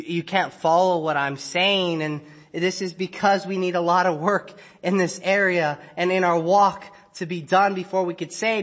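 A man with a high voice preaches to his congregation in a loose, conversational way. He acts out exasperated little asides and sinks low and quiet when he stresses a point. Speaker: pastor. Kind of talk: sermon. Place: church sanctuary.

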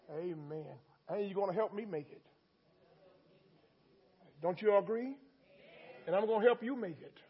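A man's voice: high voice, moderate pace, pauses often, muffled recording. A man preaching a sermon in a call-and-response style, repeating lines with rising emphasis.

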